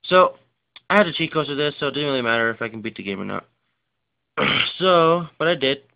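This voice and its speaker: A tired man rambling casually through his game collection, with lots of fillers and rushed asides. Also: on the high side, expressive, creaky. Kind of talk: casual unscripted show-and-tell. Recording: dull lo-fi recording.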